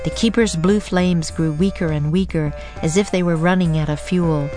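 Woman slowly narrating a children's audiobook. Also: lowish voice, fairly even intonation, warm tone, soft background music.

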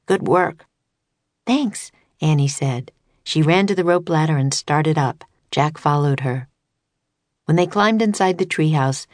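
A woman narrating a children's audiobook in a slow, deliberate, even manner. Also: low-pitched, dry recording. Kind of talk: scripted narration.

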